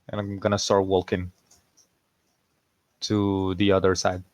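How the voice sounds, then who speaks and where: A man's voice: sits low, level tone, dry recording. A man playing a tabletop game, talking hesitantly with lots of fillers. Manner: hesitant, filler-heavy, slow-spoken. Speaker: player. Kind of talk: casual in-character tabletop play.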